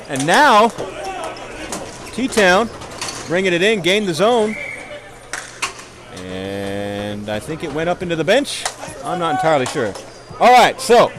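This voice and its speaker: A man calling play-by-play for a ball hockey game, rambling into self-deprecating asides between plays and shouting on goals. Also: sits high. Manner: excited calls on goals. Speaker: play-by-play commentator.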